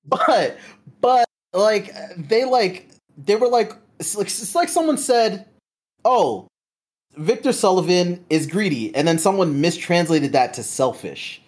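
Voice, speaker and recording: An enthusiastic speaker talks through a movie review in a lively voice with a wide pitch range. They ramble in quick asides, the way a fan does. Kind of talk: casual chat, movie review.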